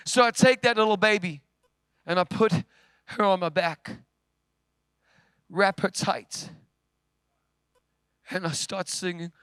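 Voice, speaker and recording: A male preacher tells a sermon story in church, his high, bright voice clear and resonant as he moves from loud, forceful lines to near-whispers. He takes it slowly with long pauses, and the recording is close and dry with no room sound.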